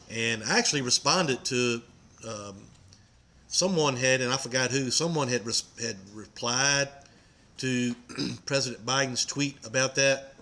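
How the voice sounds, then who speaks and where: Male co-host, bright and forceful, earnest, frustrated, some stumbles. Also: mid-range voice. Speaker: podcast co-host, business owner. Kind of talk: casual political talk.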